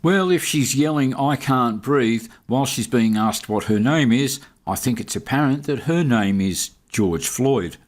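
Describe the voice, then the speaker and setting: Man, sarcastic commentary, mocking tone, mid pitch. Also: lively intonation, moderate pace, few pauses, slight background noise. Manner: sardonic, mocking. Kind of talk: sarcastic commentary over police footage.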